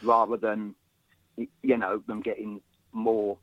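A man's voice: fairly low pitch, little pitch movement, a little slow, no echo. A man calling in to a show, tentative but politely persistent in making his point. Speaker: caller. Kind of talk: phone-in chat. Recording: dry tinny phone line.

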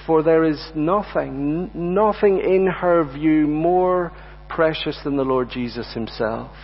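A man delivers an earnest sermon from a lectern, repeating words as he drives his points home. His voice sits a little high for a man. The recording is dull and lo-fi, with a long reverb from the hall. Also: slow pace. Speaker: preacher. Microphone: lectern mic.

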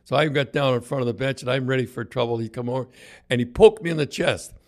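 A man's voice: mid-range voice, fast. An older man, a former hockey coach, telling rambling stories in casual chat, full of restarts and acted-out quotes. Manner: rambling anecdotes, lively, many restarts and quoted voices.

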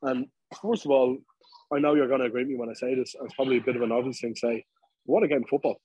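A man with a Dublin accent, co-hosting a podcast and telling an animated, casual story full of fillers. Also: mid-range voice, very fast, a little hiss or hum, rough recording. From Ireland. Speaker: podcast co-host. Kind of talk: casual chat.

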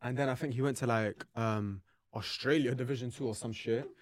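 A man's voice: mid-range voice, steady tone, a little fast. A young man, co-hosting a casual podcast, rambling loosely and swearing freely. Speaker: podcast co-host. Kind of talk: casual banter.

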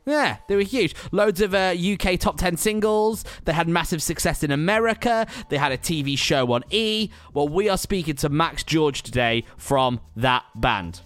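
A man hosts a podcast in a loose, chatty way, poking fun at himself as he goes. His pitch jumps high when he jokes. Faint music plays underneath. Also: lively intonation, moderate pace, few pauses, a bit bright. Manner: chatty, self-mocking, jumpy pitch. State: out of breath. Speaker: podcast host. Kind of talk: casual podcast intro.

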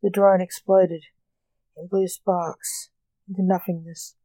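A woman reading her short story aloud, slow and deliberate. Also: on the low side, flat delivery, dark tone, no room sound.

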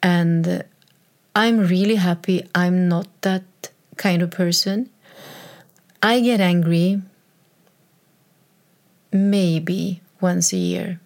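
A woman's voice: fairly low pitch, fairly even intonation, slow pace, creaky, pauses often. A woman in her fifties talking candidly about her own life, earnest, often repeating and restarting phrases. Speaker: mother sharing personal reflections. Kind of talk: candid personal storytelling.

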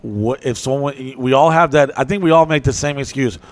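A man's voice: medium pitch, brisk, no echo. A man co-hosting a podcast in casual, profane banter, asking his co-host pointed questions.

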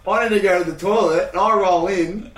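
A man telling a story in a casual chat, animated, laughing often and swearing freely. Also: high-pitched, brisk. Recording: roomy echo, distant mic.

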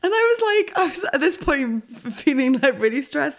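A woman's voice: sits high, lively intonation, brisk, fairly bright tone. Giggly woman telling a story. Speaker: podcast co-host. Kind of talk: casual chat.

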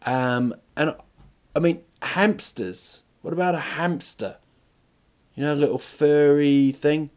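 A man with a slightly high, slightly mellow voice speaks a little slowly as he hosts a podcast alone. His rambling, jokey comedic monologue keeps breaking off and restarting, with lots of swearing.

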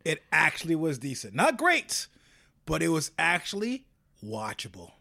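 A man co-hosting a casual comedic chat, joking and quick, often stammering and restarting his sentences. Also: a little high, huge pitch swings, creaky, sharp tone. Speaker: podcast co-host.

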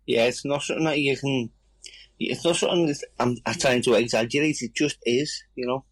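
A man's voice: medium pitch, fairly quick, slightly rough, poor audio. A young man with a Scouse accent, talking earnestly as an interview guest and often asking "do you know what I mean". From Liverpool, England. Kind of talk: casual interview chat.

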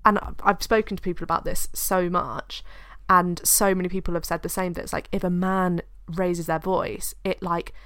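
A woman's voice: lowish voice, little pitch movement, normal speed, hardly any pauses, a bit bright, dry recording, clean studio sound. A British woman co-hosting a podcast, chatting in a rambling, candid way and swearing freely. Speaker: podcast co-host. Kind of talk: casual chat.

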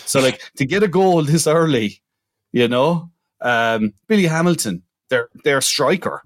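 A man's voice: fairly high pitch, animated, unhurried, no room sound, clean studio sound. A man co-hosting a podcast in casual chat, recounting match events at length. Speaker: podcast co-host.

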